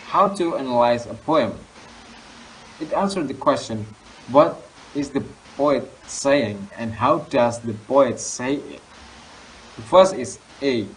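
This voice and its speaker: A young man, a student teacher giving a lesson on poetry, reading definitions slowly with fillers and restarts. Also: mid-range voice, expressive, a bit bright, a little hiss or hum, poor audio. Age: young adult. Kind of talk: classroom lesson explaining poetry.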